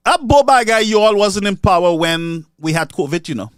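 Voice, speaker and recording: A man with a Saint Lucian accent delivers a mocking political commentary, slipping between English and Creole. His voice sits high for a man. The recording is dry, with no room sound. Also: animated, moderate pace, smooth, no echo. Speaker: online commentator.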